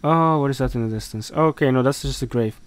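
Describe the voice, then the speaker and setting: A gaming commentator delivers let's-play commentary on a horror game, talking to himself and the characters, a little fast in a smooth voice with no echo. He's jumpy and mock-scolding, swinging from low mutters to sudden yelps.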